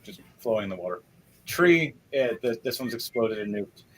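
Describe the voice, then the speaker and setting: A man narrating as game master, shifting between loud, excited bursts and quick, low asides. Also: slightly rough, poor audio.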